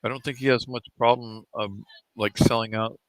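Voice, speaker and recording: A man's voice: mid-range voice, little pitch movement, moderate pace. A man giving casual live commentary on a pool match in a pool hall, laid-back and chatty, drifting into rambling anecdotes with chuckles.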